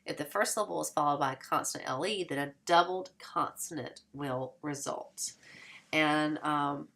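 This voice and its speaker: Low gravelly woman explaining spelling rules. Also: normal speed, fairly bright tone. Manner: explanatory, with fillers and restarts.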